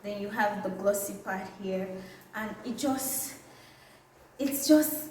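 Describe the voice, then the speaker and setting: A young woman with a Nigerian accent, chatting playfully and excitedly in a casual vlog. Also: on the high side, a little hiss or hum. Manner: playful and excitable, drawn-out catchphrases. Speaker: vlogger. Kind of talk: casual vlog showing items to camera. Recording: very echoey room, slightly distant mic.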